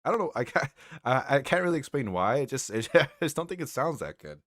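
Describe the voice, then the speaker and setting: A man's voice: medium pitch, sing-song, fast talker, no room sound, clean studio sound. A man hosting a livestream reaction chat, rambling and hedging with easy laughs. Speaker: stream host.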